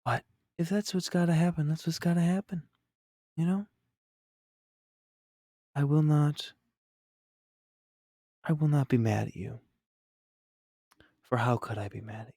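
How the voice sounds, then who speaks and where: Chatty male streamer with a gravelly edge. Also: on the high side, a little slow, long pauses, dark tone, dry recording, studio quality. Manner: rambling, upbeat, reacting to chat. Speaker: streamer painting miniatures. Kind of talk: casual live-stream chat.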